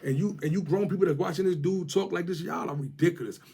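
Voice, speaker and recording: Man, Washington DC area accent, slightly high voice, scolding vlog rant, street slang, repetitive jabs. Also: fast, dark tone, slightly rough. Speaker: vlogger. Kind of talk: mocking rant to camera.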